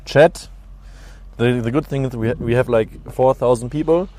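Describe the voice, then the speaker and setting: A man with a German accent, a native German speaker, chatting excitedly as a streamer and asking curious questions. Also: medium pitch, normal speed, slight background noise. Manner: excited, curious, laughs easily. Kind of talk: casual chat with viewers.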